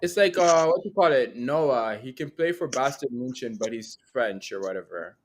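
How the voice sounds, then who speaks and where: A man joining a casual discussion as a guest, eager and quick to interject. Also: mid-range voice, expressive. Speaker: guest panelist.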